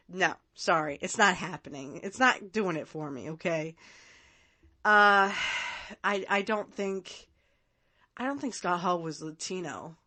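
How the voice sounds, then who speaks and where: On her laid-back podcast, a woman in her thirties chats through casual commentary in a medium-pitched, sharp-toned voice, laughing often and using lots of fillers.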